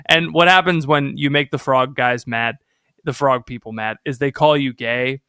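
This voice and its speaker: A young man co-hosting a casual comedy podcast, joking and animated, laughing often. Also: mid-range voice, normal speed, smooth, dry recording, clean studio sound. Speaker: podcast co-host.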